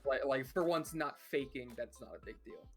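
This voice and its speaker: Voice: medium pitch, normal speed, faint music behind. Casual tabletop player, chatty. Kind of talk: casual tabletop game play.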